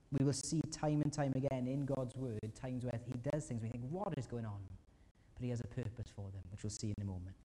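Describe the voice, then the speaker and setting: A man preaching to his congregation, earnest and plain-spoken. His voice is mellow and relaxed, carried on a long hall reverb. He voices anguished prayers with a sudden lift in pitch. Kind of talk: sermon. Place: church hall.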